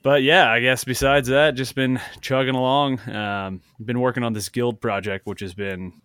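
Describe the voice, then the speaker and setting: A man chatting casually as a podcast guest, relaxed and rambling with lots of fillers. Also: medium pitch, moderate pace, clear, resonant tone, no room sound, studio quality. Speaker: podcast guest and former host.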